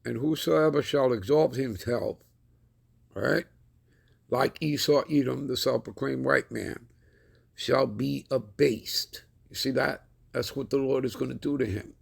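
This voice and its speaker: A man teaching from scripture in a deeply gravelly voice. His tone is husky and a little rough. He speaks with a deliberate, preacherly emphasis and keeps checking in with his audience. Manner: checks in constantly with the listener. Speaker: Bible teacher. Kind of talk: scripture lesson.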